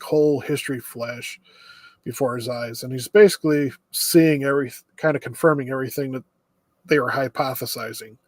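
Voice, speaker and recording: A man co-hosting a podcast in casual chat, recapping the plot in a steady, easygoing way. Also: mid-range voice, no room sound. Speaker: podcast co-host.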